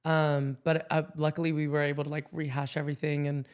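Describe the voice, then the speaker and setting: A man's voice: a little high, little pitch movement, brisk, smooth. A young man co-hosting a podcast, chatting casually through a personal story with many fillers and frequent laughs. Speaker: podcast co-host.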